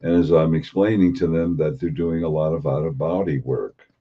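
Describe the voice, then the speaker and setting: A man giving an unhurried spiritual talk as a teacher, posing and repeating rhetorical questions. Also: very deep voice, fairly even intonation. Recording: dull lo-fi recording.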